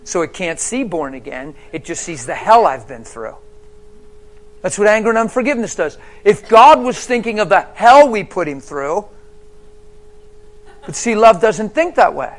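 A man preaching a sermon as personal testimony, telling his story emphatically and swinging between hushed and loud. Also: high voice, animated, normal speed.

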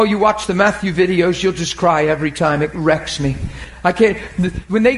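A man preaching a sermon, acting out the scripture scenes and swinging from shouts to murmurs. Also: sits high. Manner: animated, acts out scripture voices, laughs and cries.

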